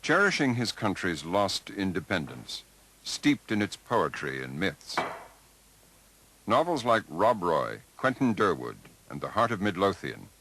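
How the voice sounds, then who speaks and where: A man narrates a documentary in a low, bright-edged voice that rises and falls freely. His delivery is measured and deliberate, every phrase carefully placed. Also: low-quality recording.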